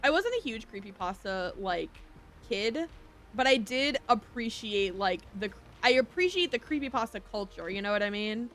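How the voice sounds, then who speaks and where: A woman's voice: a little high, expressive, moderate pace, a bit bright. A young woman streaming a shop game, chatting casually and giggly, reading chat aloud and slipping into a playful whiny voice. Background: game music.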